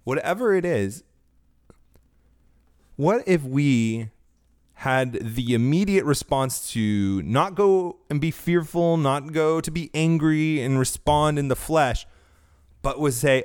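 A man's voice: on the high side, expressive, slow, a little mellow, clear, resonant tone, dry recording. Man, podcast host, earnest, self-correcting, preachy monologue, dry close sound. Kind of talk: faith-based business podcast monologue.

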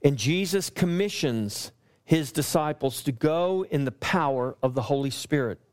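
A pastor preaches a sermon to his church in an expressive voice that sits a little high for a man. He builds his points with repeated, rising lines, and when quoting scripture he slows down and leans on each word.

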